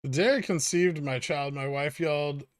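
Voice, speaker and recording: A livestream host with a fairly high, clean voice at normal speed reads viewer messages aloud and fires back irreverent jokes, swearing freely. The recording is dry, with clean studio sound.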